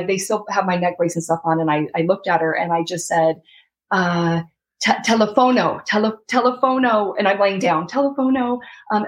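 A woman's voice: on the low side, poor audio. A woman in her thirties telling her personal story as an interview guest, reliving her own past words.

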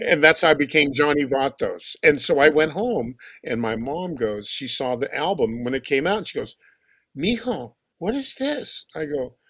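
An older man, a drummer, telling stories in a casual interview, animated and quick to laugh. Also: medium pitch, dry recording. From Los Angeles area. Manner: animated storyteller, acts out voices, laughs often. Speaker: guest drummer.

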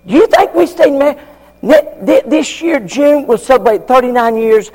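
An older man preaching a fiery sermon, shouting at times and acting out members of the congregation. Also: very high-pitched, expressive, normal speed.

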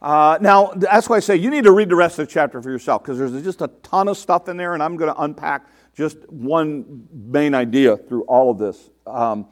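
A man with a high-pitched voice delivers a sermon, reading a scripture passage and pausing to explain it to his listeners. When he voices the complaints in the text, he acts them out with exasperation. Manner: reads scripture aloud and breaks in to explain it. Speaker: pastor.

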